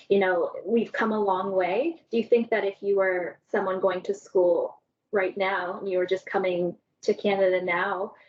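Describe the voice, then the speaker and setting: A woman hosts a panel conversation, asking curious, probing questions that build on what others have said. Her voice sits at a medium pitch. The audio is slightly dull and lo-fi. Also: a little mellow, slight background noise.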